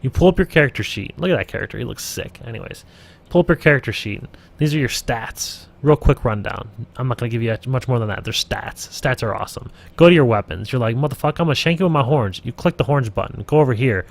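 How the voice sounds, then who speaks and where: A man's voice: medium pitch, lively intonation, fast talker, creaky. A man running a casual live tutorial stream as game master, rambling, swearing and talking to himself at his computer. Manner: rambling, profane, self-talking.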